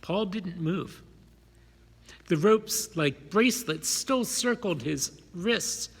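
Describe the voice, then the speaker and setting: Slow, husky male audiobook narrator. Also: high voice, lively intonation. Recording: long hall reverb.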